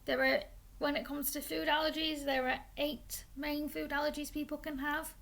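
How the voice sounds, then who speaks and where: A young woman explains things in a casual, chatty way. Her voice sits high and carries a gravelly fry, and she stumbles and restarts words now and then. She has the hiccups. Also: level tone, moderate pace, a bit bright. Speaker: vlogger.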